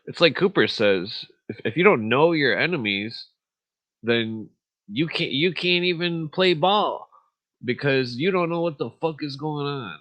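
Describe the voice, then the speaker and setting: A male podcast host rants bluntly and profanely in a rambling way, full of fillers and restarts, then reads passages aloud. His middle-pitched voice has lively intonation and a measured pace. The sound is a little dull and lo-fi, like a home livestream.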